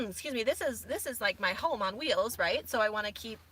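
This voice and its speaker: A woman's voice: a little high, animated, fairly quick, sharp tone, a little hiss or hum. A woman in her thirties, rambling casually with many fillers as a vlogger from inside her camper van. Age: 30s. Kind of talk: casual chat.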